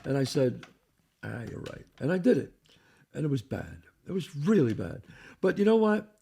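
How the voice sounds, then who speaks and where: A man's voice: on the high side, normal speed, a little hiss or hum. An older man, an actor guest, telling stories in a casual chat, swearing freely. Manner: raspy, animated storyteller who swears freely.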